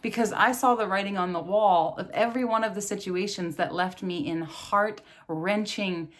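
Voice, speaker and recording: A woman spiritual teacher, 30s, earnest, laughs easily, mid pitch, casual talk to camera. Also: moderate pace. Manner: earnest, laughs often, animated. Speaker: yoga and meditation teacher.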